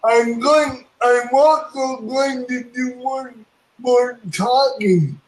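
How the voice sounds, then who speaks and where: Very high-voiced man, slow and emphatic. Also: echoey room, poor audio. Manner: slow, deliberate and emphatic, with a lot of repeating himself. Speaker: guest joining the live stream. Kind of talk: casual live-stream chat.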